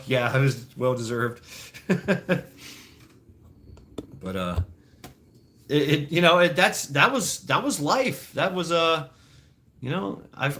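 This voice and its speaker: A man's voice: medium pitch, pushed and bright. A man telling childhood stories casually to a live chat, laughing often and swearing freely. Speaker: streamer.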